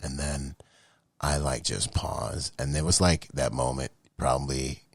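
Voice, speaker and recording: A Marine veteran in his late thirties, appearing as a podcast guest, tells his story at a measured pace in a very low, deep voice. He's casual and slangy, breaking into animated voices and sound effects along the way. The recording is close and dry, with no room sound.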